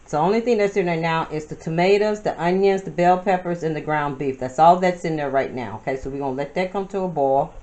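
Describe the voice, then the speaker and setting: A woman's voice: low voice, quick pace, few pauses, darkish tone, far from the mic. Woman, home cooking vlogger, casual chat to camera, roomy noisy kitchen. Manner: chatty, addresses viewers as y'all, talks while working.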